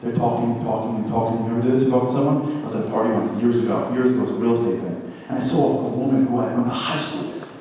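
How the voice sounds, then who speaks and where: A man's voice: mid-range voice, steady tone, fast talker, hardly any pauses, warm tone. Male inspirational speaker, dramatic and repetitive, distant mic in a big reverberant hall. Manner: dramatic, repetitive, acts out quoted voices. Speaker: motivational speaker. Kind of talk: inspirational talk. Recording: echoey hall from far off.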